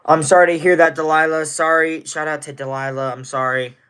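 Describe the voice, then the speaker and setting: 19 yo guy from indiana streaming, bright kinda high voice, rambly, shouting out chat names. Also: little pitch movement, fairly quick, clear, resonant tone. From Indiana, USA. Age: teens. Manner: rambling, restarts, greets viewers by name. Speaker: livestreamer. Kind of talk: casual livestream chat reading comments.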